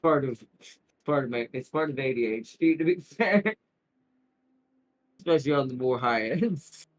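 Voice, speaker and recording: A man's voice: medium pitch, animated, moderate pace, low-quality recording. A man streaming a strategy game, rambling through casual commentary with frequent laughs and restarted sentences. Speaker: gaming streamer.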